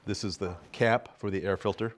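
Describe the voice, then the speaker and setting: Middle-aged male vlogger, low-ish voice, folksy and rambling. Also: steady tone, normal speed, slight background noise. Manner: folksy, rambling, talks straight to viewers. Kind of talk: casual vlog monologue.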